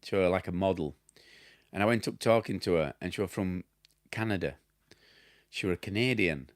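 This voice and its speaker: Deep-voiced man with broad Yorkshire accent. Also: normal speed, no echo, studio quality. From Yorkshire, England. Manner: rambling, chatty, laughs at himself, loses his train of thought. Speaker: damp specialist and former plasterer answering viewer questions. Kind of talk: casual chat.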